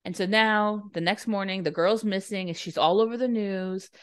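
Young woman podcast co-host with a middle-range voice, chatty and giggly, recapping a film and slipping into quick voices for the characters. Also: mid-range voice, steady tone, smooth. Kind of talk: casual movie recap chat.

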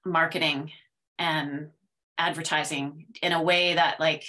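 A woman student talks earnestly in a casual group chat, pausing and restarting often. Her voice is lower-pitched with a bright, forward tone. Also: fairly even intonation. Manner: earnest, halting, many fillers. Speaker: mentoring student.

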